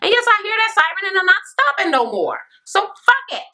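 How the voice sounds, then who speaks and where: A woman's voice: very high-pitched, big pitch swings, brisk, bright, forceful tone. A woman recapping a reality show in a blunt, profane rant, mimicking the people she quotes.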